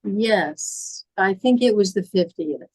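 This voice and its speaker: A woman's voice: mid-range voice, expressive, slow, a little mellow, breathy edge, dry recording, poor audio. A woman in her seventies from the Midwest with a Midwestern American accent and polished, stage-trained diction, chatting as a guest in a podcast interview. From Illinois, US Midwest. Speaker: guest, horror film actress.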